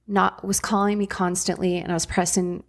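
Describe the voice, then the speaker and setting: Middle-aged woman, podcast guest, low-ish flat delivery, blunt and candid, casual swearing. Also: fairly quick, vocal fry. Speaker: podcast guest, former ER nurse. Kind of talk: candid conversational storytelling.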